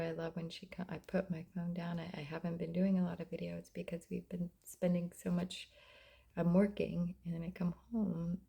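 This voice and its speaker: A middle-aged mother talking about faith and self-love in a casual vlog, often dropping into soft whispers. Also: on the low side, gravelly, breathy edge. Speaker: mother sharing reflections. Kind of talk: casual heartfelt vlog talk.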